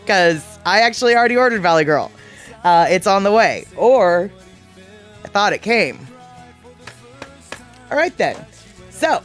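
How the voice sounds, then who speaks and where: Chatty, lively-voiced stream host. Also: medium pitch. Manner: chatty, animated, playfully exasperated. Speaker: livestream host. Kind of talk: casual chat reading viewer comments.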